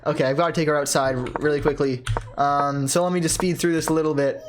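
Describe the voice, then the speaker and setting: An excitable player talks through a chess game at home in a mid-pitched voice, jumping between excitement and puzzled muttering. They correct themselves mid-sentence and think out loud about every move. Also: noisy background. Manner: excitable, thinks aloud with quick self-corrections. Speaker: chess player commenting on own games. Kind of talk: casual live chess commentary.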